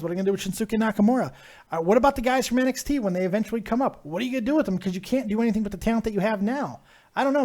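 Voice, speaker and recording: A man's voice: high-pitched, darkish tone. A man hosting a live call-in show, loose and joking, swearing freely as he chats with callers. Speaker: host.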